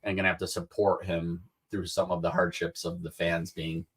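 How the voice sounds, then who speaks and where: A man on a podcast chatting casually, moving between soft remarks and emphatic points. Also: deep voice, flat delivery, normal speed, husky. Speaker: podcast co-host.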